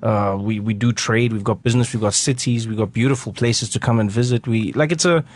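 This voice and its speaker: A South African man, a guest comedian, telling stories in casual talk-show chat, animated and laughing as he acts out the people in them. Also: on the low side, a little fast.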